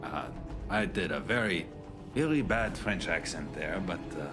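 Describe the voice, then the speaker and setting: A man's voice: low-pitched, expressive, a little slow, over music. A man live-streaming, chatting casually and jokingly with his chat, with many restarts.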